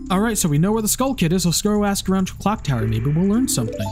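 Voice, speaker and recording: A man's voice: on the high side, big pitch swings, a little fast, few pauses. A man giving casual let's play commentary, rambling with many restarts and fillers. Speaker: gameplay commentator. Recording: game music playing behind.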